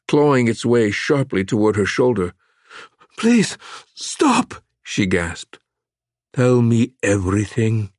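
A man narrating a thriller audiobook in a measured, dramatic way. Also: lowish voice, dry recording, clean studio sound. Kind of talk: scripted narration.

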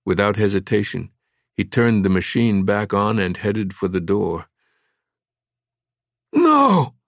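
A male audiobook narrator reads a thriller in a slow, measured, dramatic manner. His voice sits a little low, and the recording is close and dry with no room sound. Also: fairly even intonation, creaky, a little mellow, dry recording. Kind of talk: scripted narration.

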